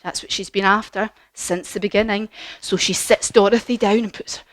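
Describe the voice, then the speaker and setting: Lively woman leading a kids' yoga story. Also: mid-range voice, moderate pace, no room sound. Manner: lively, encouraging, sing-song. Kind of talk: children's yoga lesson told as a story.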